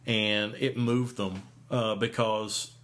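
A man in his forties hosts a podcast and talks in a casual, rambling way, full of fillers and restarts. His voice sits a little low. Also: little pitch movement, slow pace, fairly bright tone. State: hiccups. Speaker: podcast host. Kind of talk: casual chat.

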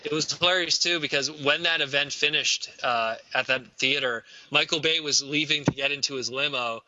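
Man, high pitched, very bright and sharp, dry dull lo-fi sound, animated storytelling. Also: normal speed, a little hiss or hum. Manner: animated storyteller, slips into quoted voices. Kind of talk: casual chat.

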